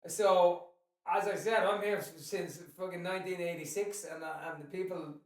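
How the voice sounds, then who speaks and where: Irish dad, echoey and off-mic. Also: male voice, sits high, steady tone, moderate pace. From Ireland. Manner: swears freely, leans on "you know what I mean". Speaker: podcast co-host, father. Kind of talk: casual chat. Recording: echoey room, distant from mic.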